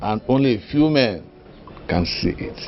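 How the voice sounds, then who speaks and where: A man's voice: mid-range voice, animated, moderate pace, noisy background, natural voice. An actor playing a pleased, fatherly uncle with a Nigerian accent in a Nollywood film. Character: pleased middle-aged uncle, jovial. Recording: muffled film audio.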